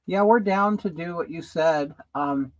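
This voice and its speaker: A man's voice: a little high, measured pace, no echo. A man hosting a casual livestream from home while doing his makeup, chatting and greeting viewers by name. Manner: chatty, reads viewer comments aloud and greets them. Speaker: livestream host.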